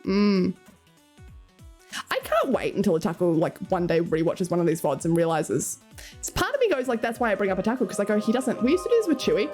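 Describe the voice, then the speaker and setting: A woman's voice: mid-range voice, very animated, brisk, a little mellow. A young Australian woman streaming, chatting casually with her viewers and reading chat aloud, laughing often. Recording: faint music behind.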